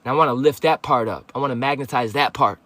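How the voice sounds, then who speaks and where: A man's voice: medium pitch, fast, sharp tone, dry recording. A man giving a livestreamed spiritual monologue to viewers, profane, confrontational and preachy. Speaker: livestream host.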